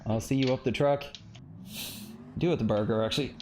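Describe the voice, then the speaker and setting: A man's voice: mid-range voice, fairly even intonation, fairly quick, background noise. A man streaming a racing game, chatting casually with friends and laughing often. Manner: laid-back, laughs often. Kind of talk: casual gaming chat.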